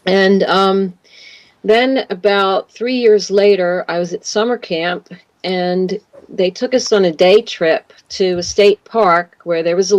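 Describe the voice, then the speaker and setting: A woman guest telling a long personal story in an interview, rambling with fillers and restarts. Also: medium pitch.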